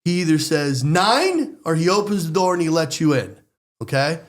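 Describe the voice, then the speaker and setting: An American man telling a story in a lively, excitable way, speaking in quick bursts. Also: a little high. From United States. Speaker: storyteller guest. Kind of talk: animated storytelling.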